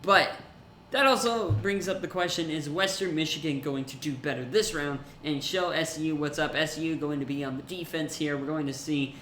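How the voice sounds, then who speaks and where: Excitable young male esports caster, bright voice. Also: a little high, moderate pace, reverberant, slight background noise. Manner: excitable, jokey, rising to shouts in big plays. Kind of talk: play-by-play commentary.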